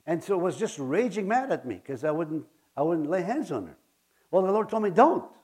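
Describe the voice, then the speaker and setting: Male preacher, slightly high voice, earnest, stumbles and repeats himself mid-sermon. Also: sing-song, darkish tone, slightly rough. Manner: earnest, halting, often repeats words.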